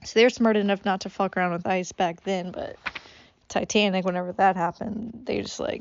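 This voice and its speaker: A woman's voice: mid-range voice, steady tone, moderate pace, vocal fry, dry recording, highs cut off. A woman reading a classic novel aloud as an amateur audiobook, stumbling over words and breaking off for swearing asides. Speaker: audiobook reader.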